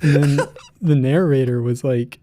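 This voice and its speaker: A man's voice: medium pitch, moderate pace, noisy background. A man co-hosting a podcast, chatting casually and teasing his co-hosts. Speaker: podcast co-host. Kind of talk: casual chat.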